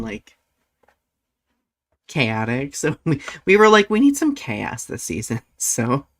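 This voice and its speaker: Animated, laughing male podcast host. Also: mid-range voice. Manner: animated, laughs easily, many "like" fillers. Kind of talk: casual chat.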